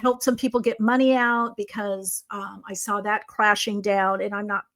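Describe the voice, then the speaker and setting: A middle-aged woman tells stories from her life as a psychic guest on a conversational show. She switches into the voices of people she quotes and often breaks off and restarts her sentences. Her voice sits at an ordinary middle pitch. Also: normal speed, slight background noise. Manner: animated, acts out quoted dialogue, frequent restarts. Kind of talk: casual storytelling. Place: video conversation.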